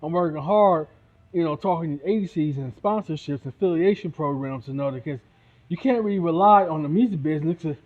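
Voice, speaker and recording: Heated and repetitive, a musician working independently out of Toledo, Ohio rants on camera, peppering it with "you know what I'm saying." His fairly high voice runs a little fast and carries a slightly mellow quality. The recording is tinny, as if from a phone.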